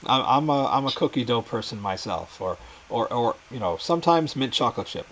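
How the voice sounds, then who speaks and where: Stammering New York man, lively voice. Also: mid-range voice, fairly quick, slight background noise, rough recording. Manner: stammering, repeats words, laughs often. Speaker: podcast host. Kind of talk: casual interview chat.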